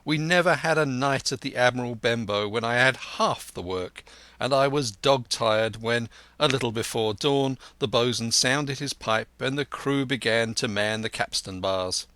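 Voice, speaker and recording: A man narrating a classic adventure audiobook in measured storytelling, putting on a voice for each character. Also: medium pitch, bright, forceful tone, no room sound.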